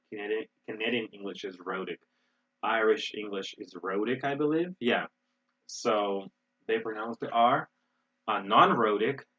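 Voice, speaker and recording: An American man teaching English in an online webinar, explaining in a relaxed way with many fillers and restarts. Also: fairly low pitch, breathy edge, lo-fi sound. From United States.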